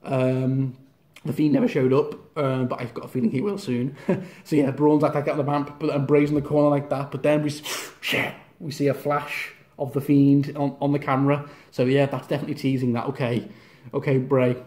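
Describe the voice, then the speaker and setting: A man's voice: mid-range voice, fairly even intonation, a little fast, a little mellow. A man giving a casual, rambling wrestling review, often acting out the wrestlers' lines.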